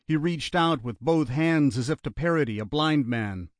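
A man narrating a thriller audiobook in a steady, even voice on a close studio mic. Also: fairly high pitch, moderate pace, no echo.

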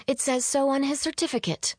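A woman reading an audiobook, voicing a lively young woman in a raised, playful voice. She keeps the character light and teasing. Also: sits high, fairly quick, no room sound, studio quality, voice pushed up, natural voice.

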